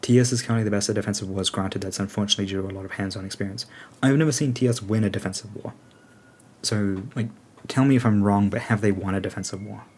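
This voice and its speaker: A lowish-voiced man, acting as a game alliance leader, answers questions in loose, unscripted chat, rambling and thinking aloud with frequent "um"s and "like"s. There's a slight hiss or hum in the audio.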